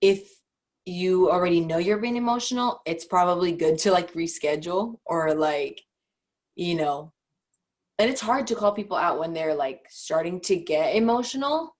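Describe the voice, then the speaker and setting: A young woman talks as a guest on a casual podcast. Her voice sits a little low for a woman. She thinks aloud, giggles often, and acts out gentle ways to phrase things. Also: expressive, moderate pace.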